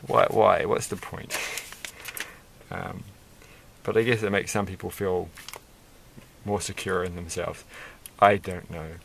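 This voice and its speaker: Low-voiced man, casual build vlog, rambling self-amused chatter. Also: steady tone, slow, gravelly, pauses often, noisy background. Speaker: Lego builder vlogger.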